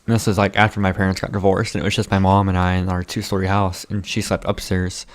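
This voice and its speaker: A man's voice: low voice, little pitch movement, fast. A young man co-hosting a podcast, telling a story in casual chat, rambling with lots of "like" and casual swearing. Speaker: podcast co-host.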